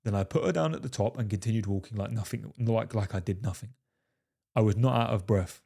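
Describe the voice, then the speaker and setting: A man's voice: on the low side, a little fast, gravelly, warm tone. A man giving casual, brash dating and fitness advice to men, swearing freely and calling the listener "fellas". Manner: brash, profane, keeps addressing the listener as "fellas"; jokingly refers to himself in the third person. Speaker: dating coach. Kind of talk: casual talking-head advice.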